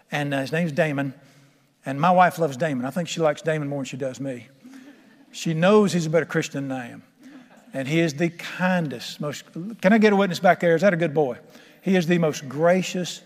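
A man's voice: fairly high pitch, long reverb tail. A man preaching a sermon to a congregation in a church, folksy, humorous and conversational. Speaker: pastor.

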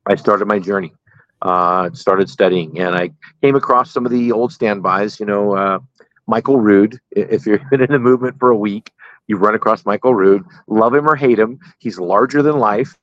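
A man's voice: on the low side, normal speed, no echo, highs cut off. A middle-aged man, a pastor, telling stories from his life in a casual interview and laughing at his own jokes.

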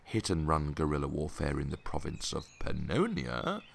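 A man's voice: rumbling low, sing-song, moderate pace, vocal fry, a little hiss or hum, exaggerated voice. A man voicing a formal, dry-witted Roman adviser in a comedy sketch. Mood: reporting. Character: formal gravel-voiced Roman adviser, male.

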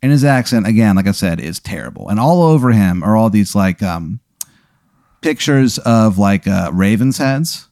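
A man's voice: lowish voice, expressive, moderate pace, a little mellow, dry recording, clean studio sound. A man running a tabletop game as game master, narrating scenes animatedly with crude humor.

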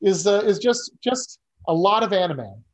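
A man's voice: high voice, very animated, moderate pace, low-quality recording. A man co-hosting a podcast in casual chat, rambling and wry, often interrupting himself. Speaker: podcast co-host.

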